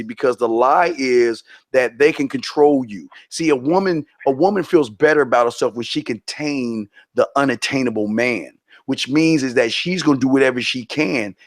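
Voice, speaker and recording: A man's voice: mid-range voice, no echo. A man co-hosting a podcast in a brash, profane and emphatic way. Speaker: podcast co-host. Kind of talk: casual crude podcast talk.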